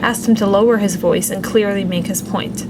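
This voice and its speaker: A woman's voice: medium pitch, fairly even intonation, moderate pace. A woman reporter narrating a news story in a matter-of-fact way. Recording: loud vehicle background noise.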